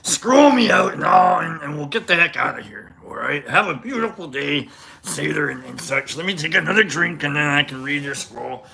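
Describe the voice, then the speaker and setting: A man's voice: on the high side, expressive, normal speed, creaky, crowd noise. A man hosting a livestream who tells a rambling, casual story, swearing freely and restarting his sentences often. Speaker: livestream host.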